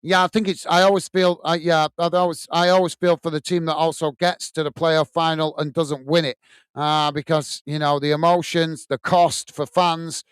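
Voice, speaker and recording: A man's voice: on the high side, little pitch movement, normal speed, clean tone, dry recording. A man hosting a football watch-along, casually reading out and thanking viewers' comments with lots of fillers. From United Kingdom. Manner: chatty, friendly, many fillers, thanks viewers by name. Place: home studio room.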